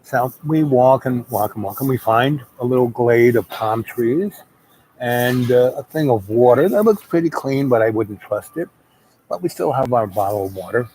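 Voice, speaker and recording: A man's voice: medium pitch, animated, moderate pace, darkish tone, slight background noise, low-quality recording. A man telling a long personal story in a casual, rambling way and coughing now and then. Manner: rambling, with many fillers and restarts.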